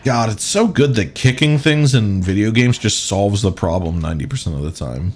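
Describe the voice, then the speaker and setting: A man gives a live gaming commentary, teasing the characters and bantering with chat. His lowish, husky voice swings widely in pitch. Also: animated, moderate pace. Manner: sarcastic, joking banter with chat and game characters. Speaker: streamer.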